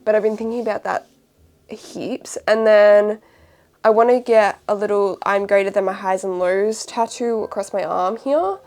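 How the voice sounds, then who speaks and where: A woman's voice: medium pitch, steady tone, moderate pace, darkish tone. A young Australian woman in casual, rambling chat as a vlogger, wrapping presents while she talks.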